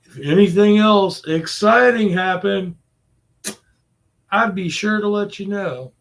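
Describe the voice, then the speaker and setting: A man vents to the camera in a slow, drawn-out rant. His voice sits high with a gravelly fry, and he curses freely. He sounds worn out and exasperated as he repeats every complaint. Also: a bit bright. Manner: exasperated, repetitive, cursing. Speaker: vlogger. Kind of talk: profane venting rant to camera.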